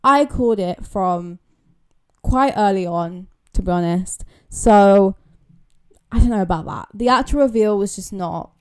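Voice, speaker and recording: A woman's voice: mid-range voice, unhurried, darkish tone, smooth. Chatty British woman vlogger. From Britain. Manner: chatty, emphatic, repeats words for stress. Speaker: YouTuber. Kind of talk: casual commentary vlog.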